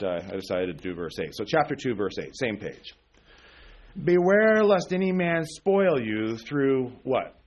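This pastor's voice is a little high, with a darkish tone and a breathy edge. His sermon is conversational, full of questions to the congregation and frequent "okay?" check-ins.

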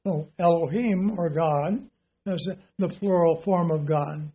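Slow high-voiced preacher, lo-fi. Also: male voice, slight background noise. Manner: slow, deliberate teaching with rhetorical questions. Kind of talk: sermon.

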